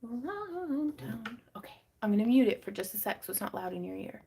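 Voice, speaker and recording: A woman's voice: mid-range voice, steady tone, rapid-fire, vocal fry, mellow, a little hiss or hum. A woman, hosting a casual livestream sale from her home craft room, chatty and rambling, reading viewer comments and laughing often.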